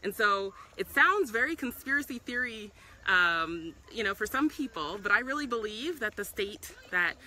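Bright-voiced woman live-streaming. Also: medium pitch, lively intonation, normal speed, low-quality recording. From South Africa. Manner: earnest and passionate, with many ums and self-restarts. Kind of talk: casual live-stream commentary. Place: outdoors in a public spot.

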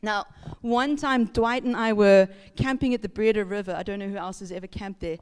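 A woman pastor, telling a lively story in a casual sermon, laughing and acting out sounds. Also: mid-range voice, a little fast, clear, resonant tone. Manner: chatty, laughing, acts out sounds and voices. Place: church hall. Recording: reverberant church hall.

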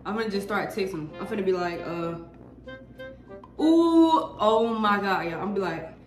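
A teenage girl talking casually to camera in a slangy, excitable, nervous ramble. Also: mid-range voice, moderate pace. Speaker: vlogger. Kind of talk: casual vlog chat to camera. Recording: echoey room with music behind. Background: music.

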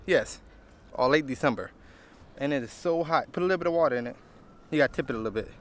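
A father vlogging outdoors beside a drained pond with his young daughter, excitable and coaxing. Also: mid-range voice, fast. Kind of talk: casual outdoor vlog.

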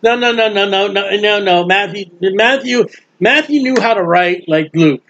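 High pitched guy preaching a bible study, super animated, muffled recording. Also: normal speed, slight background noise. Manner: animated, acts out bystanders' mocking voices. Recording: dull lo-fi recording.

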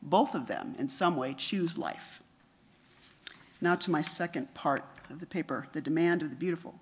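Presenting at a conference, a middle-aged woman with a low-sitting voice reads out her paper in measured tones, going quieter for quotations. A little hiss or hum sits under the recording.

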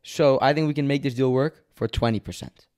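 A man's voice: medium pitch, fairly quick, a little mellow. A man hosting a podcast in casual chat, playful and asking question after question. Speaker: podcast host.

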